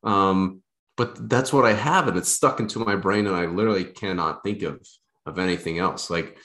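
Rambling young man, low voice. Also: moderate pace, a bit bright. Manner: hesitant, rambling, self-deprecating. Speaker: podcast co-host. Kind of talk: casual chat.

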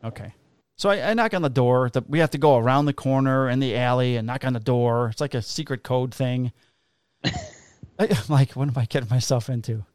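A man's voice: mid-range voice, fairly quick, darkish tone, no room sound, studio quality. A man, a police officer casually telling profane stories and acting out the dialogue. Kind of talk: casual storytelling chat.

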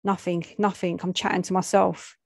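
A woman voicing a sharp-tongued, defiant sixteen-year-old girl from the streets, who talks in a sullen mutter. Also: fairly low pitch, level tone, normal speed, creaky, no echo, studio quality.

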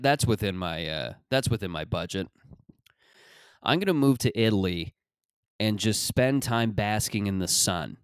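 A man's voice: fairly low pitch, clean tone, dry recording, studio quality. A man from Mississauga, Canada, hosting a podcast and rambling through a sarcastic, profane comic monologue full of restarts. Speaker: podcast host.

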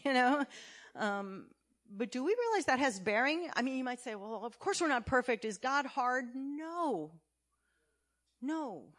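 A woman church elder preaching a sermon, emphatic, asking her congregation many questions and swinging between loud and quiet. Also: fairly high pitch. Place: church sanctuary.

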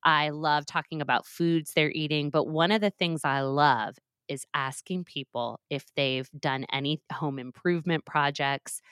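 A woman's voice: low-pitched, steady tone, measured pace, few pauses, a bit bright, smooth, no room sound, studio quality. A woman in her forties, a professor and author, explaining ideas animatedly with quoted examples in a conversational interview. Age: 40s.

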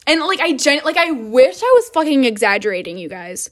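A young woman vlogger with a high, sing-song voice rattles off a storytime rant a little fast. She tells it casually and dramatically, packing in swearing and endless "like"s.

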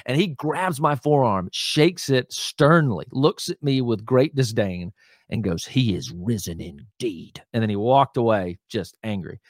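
A lead pastor with an animated, medium-pitched voice chats casually as a podcast guest in a conversational interview, recorded dry with clean studio sound. He teaches with emphasis, often leaning on "right?" and "hear me," and his speech is full of fillers, restarts, and quick asides.

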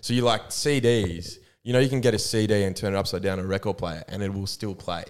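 A man, co-hosting a casual chat show. His voice sits a little low, and he laughs often through his storytelling. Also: fairly even intonation, a little fast, clean tone. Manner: laughs often while telling stories. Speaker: podcast co-host.

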